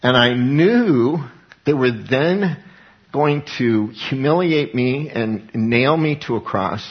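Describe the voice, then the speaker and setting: Male preacher, conversational sermon, earnest folksy delivery, mid pitch, muffled lo-fi recording. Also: lively intonation, slow pace. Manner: earnest, folksy, rising to emphatic bursts, restarts and soft laughs. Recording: slightly dull lo-fi recording.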